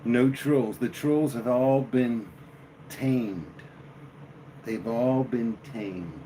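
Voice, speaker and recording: A man hosting a live stream, chatting casually and joking with his viewers in a slow, drawling way. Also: medium pitch, mellow, a little hiss or hum, poor audio. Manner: slow, drawling, jokey banter with chat. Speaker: livestream host.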